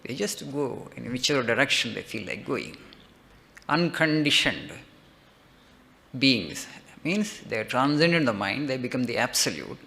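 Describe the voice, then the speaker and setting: A man's voice: mid-range voice, gravelly, pushed and bright. A man, a monk giving a spiritual discourse, retelling a legend with frequent "okay" checks and rhetorical lists.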